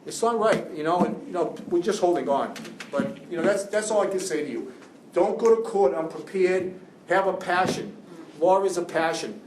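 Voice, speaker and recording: A man speaks to a class with raw, rambling passion, stumbling and restarting as his feeling runs high. His voice sits a little high for a man and rings in an echoey room. A faint hiss sits under it. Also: normal speed, a little mellow, distant mic. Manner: emotional, impassioned, rambling with restarts. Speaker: juvenile defense attorney, guest speaker. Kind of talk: classroom talk to law students.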